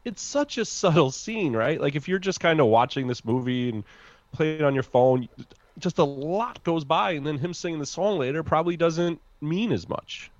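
A man co-hosting a podcast, chatting calmly and reflectively about a film. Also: a little high, normal speed, no room sound, lo-fi sound. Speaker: podcast co-host. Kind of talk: casual film discussion.

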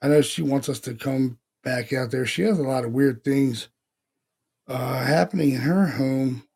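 Gravelly, lively male podcast storyteller. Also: mid-range voice, moderate pace. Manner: animated storytelling with slang and swearing. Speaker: podcast co-host. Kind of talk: casual chat.

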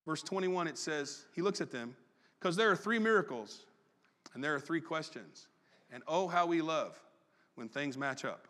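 A man preaching a sermon as pastor, folksy and conversational with quick asides. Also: a little high, lively intonation, fairly bright tone. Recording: long reverb in a large hall.

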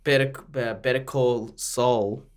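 A man's voice: medium pitch, fairly even intonation, slow. A man co-hosting a comedy podcast, riffing on odd news stories in a dry, playful way. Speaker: podcast co-host. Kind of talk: casual comedic chat.

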